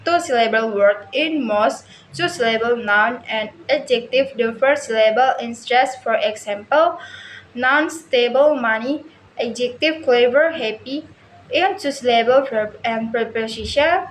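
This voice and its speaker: Woman, student presenter, halting read-through, echoey room with faint hiss. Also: on the high side. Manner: halting reading with frequent restarts and stumbles. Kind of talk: reading a prepared explanation.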